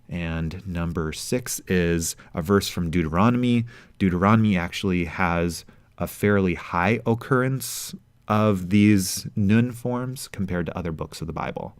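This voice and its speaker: Slow, deep-voiced man teaching grammar. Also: clean tone, no echo. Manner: measured, explanatory, reads out Hebrew verses slowly. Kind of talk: grammar lesson narration.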